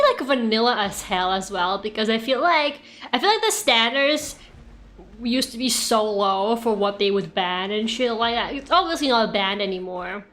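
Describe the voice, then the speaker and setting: A young woman whose first language is Russian, chatting casually and rambling through stories as a VTuber playing a game in an echoey room. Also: a little high. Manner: animated, rambling storyteller who laughs often. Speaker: VTuber streamer. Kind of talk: casual gaming stream chat.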